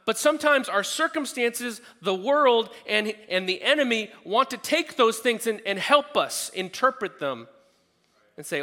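A man preaching with a bright, forceful voice, talking with his listeners and then climbing to loud, emphatic peaks. His voice rings in a large hall with a long reverb. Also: sits high, lively intonation, normal speed. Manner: conversational, rising to emphatic peaks. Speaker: pastor. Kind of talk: sermon.

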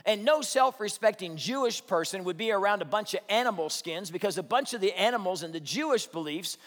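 A man's voice: high-pitched, animated, brisk, fairly bright tone, big-room sound. A man preaching a sermon, reading scripture and explaining it with rhetorical questions to the congregation. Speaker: pastor.

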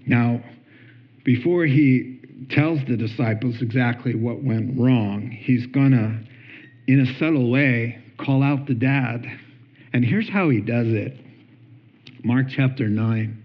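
A man preaching a sermon with animated storytelling, acting out quotes and chuckling between points. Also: medium pitch, takes it slowly, highs cut off. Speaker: pastor.

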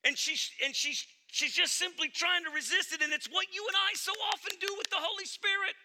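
A man's voice: very high-pitched, a little fast, background noise. A male pastor preaching a sermon in an earnest, emphatic way, speaking directly to his congregation.

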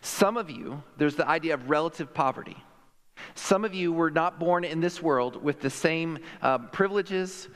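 A male pastor preaches with a slightly higher voice than most men, talking to his congregation in a loose, conversational way and leaning hard on his key points. A long reverb trails each phrase through the sanctuary. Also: normal speed, a bit bright. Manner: emphatic, conversational, with acted-out quotes. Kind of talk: sermon. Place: church sanctuary.

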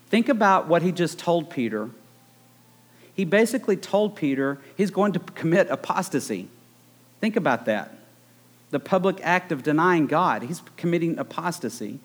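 A man's voice: fairly high pitch, animated, moderate pace, long pauses. A man preaching a conversational sermon, retelling the story with joking asides.

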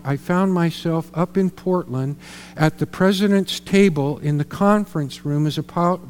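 A man's voice: a little high, darkish tone, clean tone, long reverb tail. A middle-aged man preaching a sermon as a pastor, telling a personal story earnestly and repeating words for emphasis. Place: church sanctuary.

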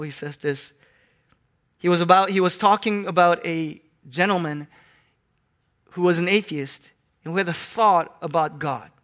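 A man preaching a sermon, swinging between hushed tones and loud, animated exclamations. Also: on the high side.

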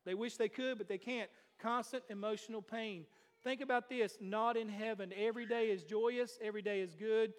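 A man preaching a sermon as pastor. He swings between loud declarations and hushed asides and asks many rhetorical questions. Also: high voice, fairly even intonation, normal speed, clear, resonant tone, in a large hall. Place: church sanctuary.

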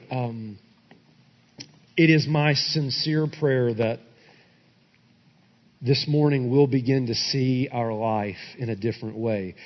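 A pastor preaching a sermon and closing in prayer, swinging from loud emphatic peaks to quiet asides. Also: male voice, mid-range voice. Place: church sanctuary. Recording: dull recording in a reverberant church hall.

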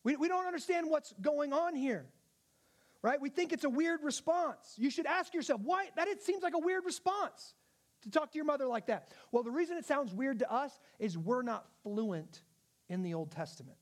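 High-voiced male pastor preaching. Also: expressive, moderate pace. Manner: conversational, asks the audience questions. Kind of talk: sermon.

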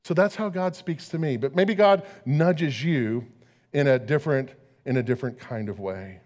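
Conversational preacher in a reverberant church. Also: male voice, medium pitch, moderate pace, a little mellow. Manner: conversational preaching with rhetorical questions. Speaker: pastor. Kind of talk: sermon.

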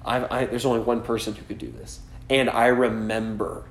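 A man's voice: medium pitch, little pitch movement, normal speed, reverberant, a little hiss or hum. A man pastor preaching a sermon in a conversational style, often tossing in "right?" and "like" as asides. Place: church gathering.

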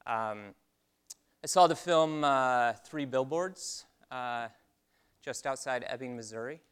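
Bright-voiced man preaching a story. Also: mid-range voice, clear, resonant tone. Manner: storytelling, animated, then slow and hushed for reflection. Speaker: pastor. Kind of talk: sermon.

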